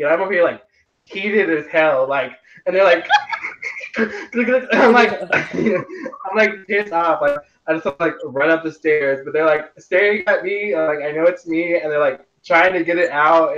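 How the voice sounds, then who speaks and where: A young man in casual aftershow chat, talking in a rambling, animated way with lots of filler words. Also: fairly high pitch. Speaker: eliminated contestant. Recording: echoey, distant, dull lo-fi sound.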